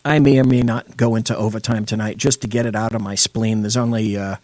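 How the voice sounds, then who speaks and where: A man's voice: fairly low pitch, steady tone, a little fast, darkish tone, no room sound. A man hosting a live show, reading quotes aloud and tearing into them with scorn. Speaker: show host. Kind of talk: opinionated live-stream talk.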